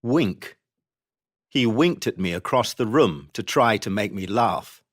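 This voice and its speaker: A man reading vocabulary explanations and example sentences for a textbook, clearly and expressively. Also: fairly low pitch, expressive, slow. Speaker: textbook audio reader.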